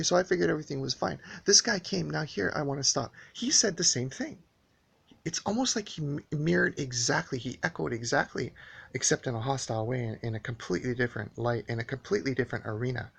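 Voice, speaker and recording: A man with a gravelly, fry-edged voice at an ordinary middle pitch tells his story in a loose, unscripted way. He hesitates often, fills gaps with "uh" and "um", and sounds earnest and aggrieved throughout. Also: quick pace, a bit bright. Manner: rambling, hesitant, many uh and um fillers. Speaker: vlogger recounting a personal dispute. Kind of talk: casual spoken monologue.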